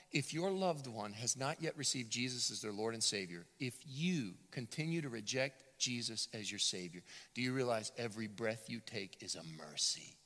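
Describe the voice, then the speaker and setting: A man preaching a sermon as a pastor, animated and dramatic yet conversational. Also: mid-range voice. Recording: long hall reverb.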